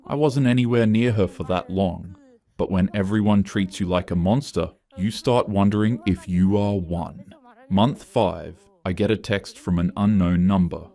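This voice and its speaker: A man's voice: low voice, measured pace, dark tone. A man narrating a first-person story in a tense, confessional way.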